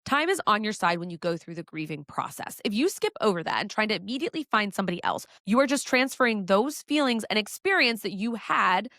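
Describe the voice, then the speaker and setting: A woman's voice: mid-range voice, fairly bright tone, dry recording, clean studio sound. A woman hosting a podcast, giving frank breakup advice in a candid, direct way, swearing casually and acting out what her listeners might be thinking. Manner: blunt, swears casually, acts out inner voices of listeners.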